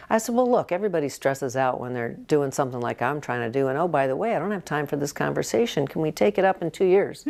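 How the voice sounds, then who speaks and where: A woman's voice: sits low, expressive, quick pace, vocal fry, a little mellow. A woman in her sixties, a nurse practitioner, telling personal stories earnestly in an interview and acting out what others said. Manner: earnest storytelling, acting out quoted voices. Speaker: nurse practitioner and health coach, guest. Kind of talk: casual interview talk.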